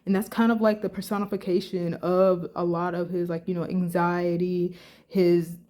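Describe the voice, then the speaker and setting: A woman's voice: on the low side, level tone, normal speed, dark tone. A woman vlogger giving casual, rambling reaction commentary into her phone, short of breath and emotional, full of fillers.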